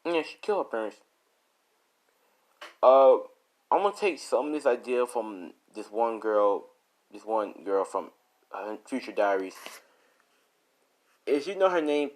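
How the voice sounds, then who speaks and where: A man improvising a dark fan story, rambling with frequent self-corrections and "you know"s. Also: mid-range voice, big pitch swings, a little slow, long pauses. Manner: rambling, many restarts and fillers.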